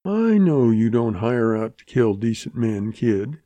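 A man voicing a scheming, ruthless saloon owner and rancher in a Western audiobook, gruff and blunt. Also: medium pitch, very animated, measured pace, dark tone, no room sound.

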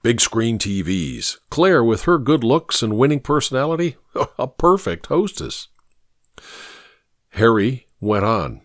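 A man narrating an audiobook in a measured, storytelling way. His voice is lively, moving all over in pitch, and the recording is dry and close with no room sound. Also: no echo.

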